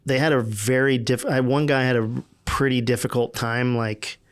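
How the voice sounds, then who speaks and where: A man in casual podcast conversation, talking in a relaxed, halting way with many fillers and restarts. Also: mid-range voice, smooth. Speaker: podcast guest.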